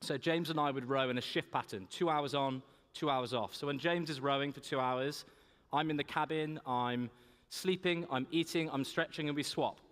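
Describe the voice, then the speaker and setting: A man's voice: a little high, normal speed, fairly bright tone. A young man giving a humorous keynote talk, telling anecdotes to a large audience. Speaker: keynote speaker. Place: large conference hall. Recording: echoey hall reverb.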